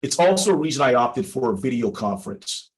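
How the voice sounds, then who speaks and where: A man, a personal injury lawyer, giving a prepared presentation to other lawyers in a measured, deliberate way with emphatic pauses and an instructive tone. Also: medium pitch, sing-song, rough recording. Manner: explanatory, instructive tone. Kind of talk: prepared presentation for a legal audience.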